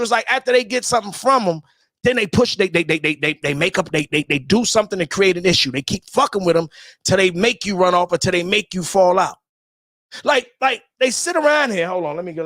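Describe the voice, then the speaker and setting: A man's voice: sits high, a bit bright, no room sound, studio quality. A man hosting a livestream, ranting in a casual, profane, rambling way and repeating words as he starts his sentences. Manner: chuckles often while talking. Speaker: livestream host.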